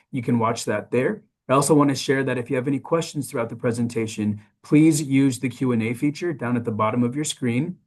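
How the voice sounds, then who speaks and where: Guy running a webinar on a video call, upbeat and encouraging, chatty. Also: medium pitch. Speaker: webinar moderator. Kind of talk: webinar housekeeping announcements.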